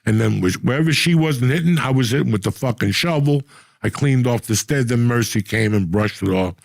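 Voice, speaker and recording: An older man tells a rambling, profanity-laced story as a podcast host. His voice is gravelly and a bit husky, sitting at a middle pitch. It is recorded dry and close, with no room sound. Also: lively intonation, fairly quick, dry recording. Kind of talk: casual storytelling chat.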